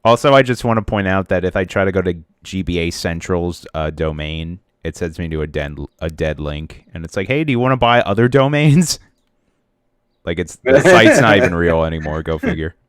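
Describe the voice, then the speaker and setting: Deep-voiced young man, casual joking. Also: normal speed, clean tone, no room sound, studio quality. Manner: goofy, joking, excitable bursts. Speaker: podcast co-host. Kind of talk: casual chat.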